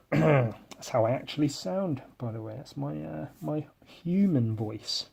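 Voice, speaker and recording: A man's voice: on the high side, animated, takes it slowly, vocal fry, a little mellow, husky. A man hosting a solo podcast, rambling in a bitter, sarcastic, self-deprecating way and swearing a lot into a podcast microphone. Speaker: podcast host.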